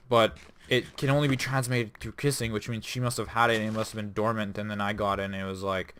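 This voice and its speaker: A man's voice: mid-range voice, steady tone, quick pace, pushed and bright, a little hiss or hum. A young man hosting a gaming channel, telling a rambling personal story with lots of swearing and self-corrections. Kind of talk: casual storytelling over gameplay.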